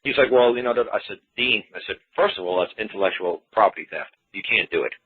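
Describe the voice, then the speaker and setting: A man's voice: lowish voice, quick pace, breathy edge. A man giving a casual, folksy talk on common law. He repeats himself and acts out quoted exchanges. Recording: tinny phone-line audio.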